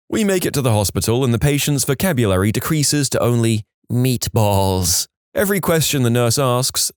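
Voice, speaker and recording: A man's voice: mid-range voice, no room sound. A man reading funny reader-submitted stories aloud in a scripted narration with a dry comic delivery.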